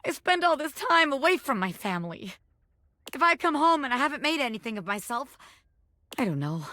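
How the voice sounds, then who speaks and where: A woman voicing a cocky young gangster who is a bobby pin, with tough streetwise talk and a soft side underneath. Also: high-pitched, very animated, a little fast, no echo, clean studio sound, full character voice. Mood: wistful. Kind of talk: video game voice acting.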